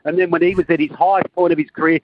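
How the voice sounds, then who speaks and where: A man's voice: a little high, level tone, racing, narrow, tinny audio, heavy background noise. Australian man ribbing his mate by phone. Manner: chatty, teasing storyteller. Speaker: caller. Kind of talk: casual phone-in banter. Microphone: phone call.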